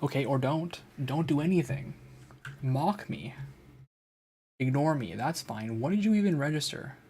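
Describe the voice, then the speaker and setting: Husky man coaxing his voice software. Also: a little high, expressive, unhurried. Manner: exasperated, self-mocking, repeats commands over and over. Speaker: streamer. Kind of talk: casual live-stream chat.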